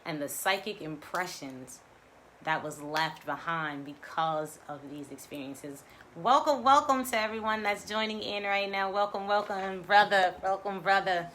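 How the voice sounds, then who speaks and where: A woman's voice: medium pitch, measured pace, a bit bright, a little hiss or hum. A woman hosting a live-streamed spiritual talk as a coach. She speaks to her viewers directly and stresses her points by repeating them. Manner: emphatic and repetitive, addressing viewers directly.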